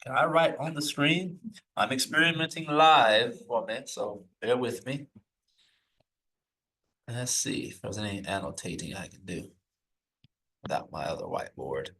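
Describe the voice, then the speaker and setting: A man teaching a live lesson, reading old texts slowly aloud and then explaining them in loose, searching asides. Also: medium pitch, animated, pushed and bright, recorded from a distance, slight background noise, rough recording. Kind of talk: live recorded scripture lesson.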